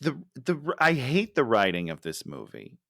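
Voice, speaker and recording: A man's voice: mid-range voice, huge pitch swings, moderate pace, creaky, a bit bright. A man co-hosting a casual movie podcast, sarcastically tearing into a film's writing. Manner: sarcastic, exasperated critic. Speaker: podcast co-host. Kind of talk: casual film chat.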